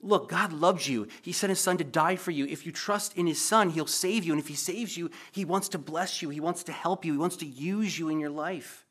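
A man's voice: on the high side, a little fast, hardly any pauses, fairly bright tone, slightly rough. A pastor preaching a sermon in an earnest, emotional way, repeating himself as he pleads with the congregation. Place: church.

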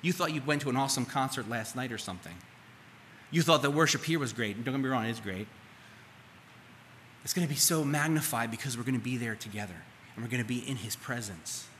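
Bright-voiced male pastor preaching in a hall. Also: mid-range voice, fast talker. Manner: conversational preaching, asks the congregation questions. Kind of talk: sermon. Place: church sanctuary. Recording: live church hall reverb, faint room noise.

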